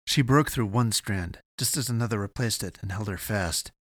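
A man giving steady, measured scripted narration of an audiobook. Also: on the low side, no echo, studio quality.

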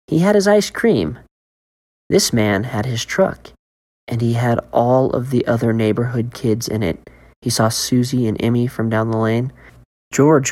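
A woman narrating a scripted horror story in a steady, measured way. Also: very deep voice.

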